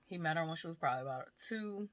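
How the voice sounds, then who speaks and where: Low-voiced woman, frank and profane, half-laughing through heavy subjects, dry close recording. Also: animated, fast talker, no room sound. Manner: candid, swears freely, laughs through hard topics. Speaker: mother and vlogger. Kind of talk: casual personal talk about grief.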